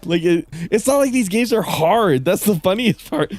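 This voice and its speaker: A man's voice: high voice, moderate pace. A man streaming who tells a story in a casual rant, swearing a lot and breaking into laughter often. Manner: profane, laughing often, animated.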